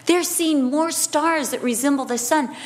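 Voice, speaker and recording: A woman with a high voice preaching a sermon. She moves between emphatic declarations and quieter, drawn-out phrases, and drops in light humorous asides to the congregation. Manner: expressive, swings between emphatic and hushed delivery.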